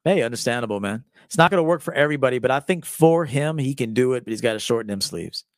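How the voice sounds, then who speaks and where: Brief: a man in his forties as a streaming style coach, with an animated, swinging pitch and a dry, close sound. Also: quick pace, no echo. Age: 40s. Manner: loose, joking and profane. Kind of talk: casual live-stream commentary.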